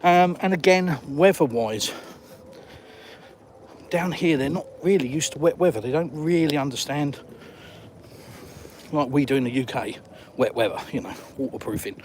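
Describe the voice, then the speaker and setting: A man's voice: fairly high pitch, moderate pace, long pauses, darkish tone, slight background noise. A man from England with a southern English accent, chatting bluntly and with dry humor while live streaming outdoors and answering viewers. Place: outdoors by the coast.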